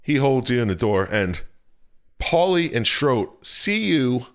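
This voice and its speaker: A man's voice: mid-range voice, very animated, takes it slowly. A man co-hosting a podcast, loosely retelling a story in casual chat, swearing freely and laughing often. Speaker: podcast co-host. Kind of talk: casual chat recapping a video game.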